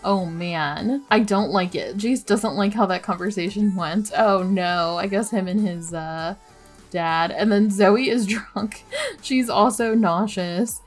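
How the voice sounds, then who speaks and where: A young woman talks through her gameplay in a chatty, easygoing way, her pitch sitting mid-range. She giggles and groans along with the story. Soft game music plays faintly behind her. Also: slow. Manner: chatty, giggly, narrates drama with dismay. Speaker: let's play host. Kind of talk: casual gameplay commentary.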